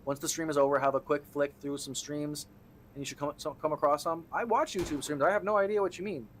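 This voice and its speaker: A young man with a voice sitting a little high for a man talks loosely while he plays a game on stream. He jokes, swears freely and breaks into sudden excited yelps between stretches of easy chatter with his viewers. A faint hum of room noise sits under his close desk microphone. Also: fast talker. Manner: loose, joking and profane, with sudden excited outbursts. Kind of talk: casual gameplay commentary.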